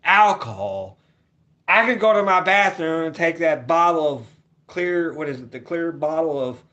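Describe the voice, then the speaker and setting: A man vlogging a rambling, repetitive rant at home, cursing and swinging from loud hollering to low mutters. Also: expressive, a little slow, dull audio.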